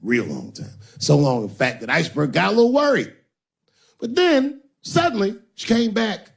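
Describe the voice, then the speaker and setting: A man's voice: sits high, very animated, normal speed, vocal fry, slightly rough. A male stand-up comedian telling a crude, punchy story on stage.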